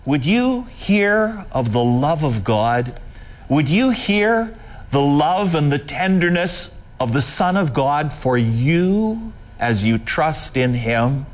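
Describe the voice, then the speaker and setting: A man preaching a sermon in a slow, impassioned manner. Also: fairly high pitch, big pitch swings.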